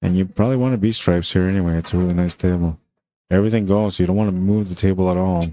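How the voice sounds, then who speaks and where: A man's voice: low voice, steady tone, racing, warm tone, slight background noise. A man giving laid-back, chatty live commentary on a pool tournament, reading viewer messages and talking about the players. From Canada.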